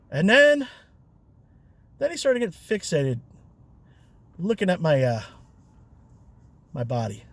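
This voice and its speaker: A man's voice: high-pitched, huge pitch swings, slow pace, long pauses, dry recording. Chatty man telling a story. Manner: chatty, loose, with fillers and chuckles. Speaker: rideshare driver and vlogger. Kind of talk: casual storytelling.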